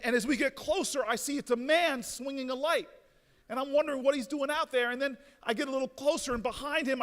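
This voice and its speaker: A man telling a story in a rousing convention speech, often restarting with repeated words and building to shouted peaks. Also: very high voice. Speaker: speaker at a convention. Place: large hotel ballroom. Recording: reverberant ballroom.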